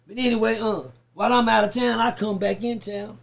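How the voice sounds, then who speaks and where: High, gravelly man. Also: fairly quick. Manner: profane, lively, acts out the voices he quotes. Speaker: podcast guest. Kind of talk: casual storytelling.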